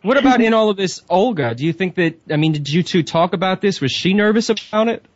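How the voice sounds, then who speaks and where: A man's voice: sits high, animated, fast, no echo, highs cut off. A man hosting a live radio show, upbeat and courteous with his guests. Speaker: host.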